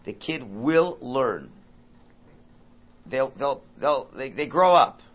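A man giving an informal Torah talk, animated and acting out parent and child dialogue. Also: mid-range voice, slow, lo-fi sound.

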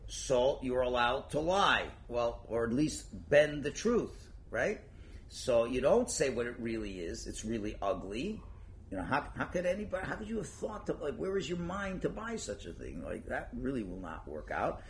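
Rabbi guy giving a torah class, super expressive voice, jokey, acts out the arguments, faint background noise. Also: mid-range voice, moderate pace. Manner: animated, joking, acts out everyday dialogue; sprinkles Hebrew and Yiddish terms. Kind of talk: informal religious lecture.

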